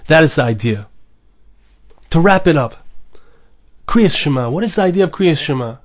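Man, rabbi, devotional podcast talk, earnest, slightly higher-pitched voice. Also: animated, moderate pace, pauses often. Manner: earnest, rising with emphasis.

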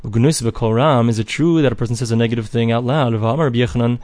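A man's voice: mid-range voice, racing, a little mellow, no room sound. A man teaching a classical text. He reads each phrase in Ashkenazi-accented Hebrew, then explains it in plain English. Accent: Ashkenazi Hebrew pronunciation. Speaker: Talmud teacher. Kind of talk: reading and translating a text line by line.

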